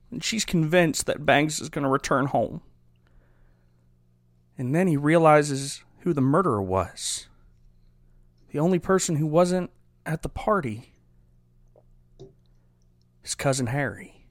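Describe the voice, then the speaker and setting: A man cohosting a casual chat, retelling a plot with animated jokes and playful insistence. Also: a little high, dry recording, clean studio sound. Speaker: podcast co-host. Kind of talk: casual storytelling recap.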